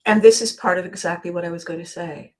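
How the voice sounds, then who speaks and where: Talking fast in a lowish voice with fairly even intonation, a woman hosts a live motivational session. She greets viewers by name, speaks earnestly, and often repeats a word as she starts a sentence over.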